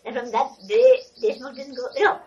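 A woman speaking English as a second language recounts anecdotes with animated delivery and frequent laughter. She often pauses to hunt for the right word. The mic sits some way off from her. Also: high voice, distant mic, muffled recording, a little hiss or hum. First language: not English. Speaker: storyteller.

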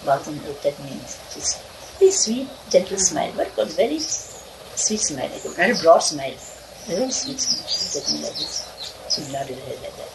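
A woman recalls her childhood in a loose, meandering way, laughing between lines, and her voice rises and falls a great deal. She sits some way from the mic, and a clear background hiss runs under her words. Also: sits low, very animated, brisk, far from the mic. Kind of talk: casual spoken reminiscence.

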